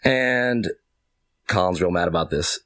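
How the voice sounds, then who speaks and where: Animated man recapping a story. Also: low-pitched, unhurried. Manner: loose, rambling storyteller, lots of fillers. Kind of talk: comedic plot recap.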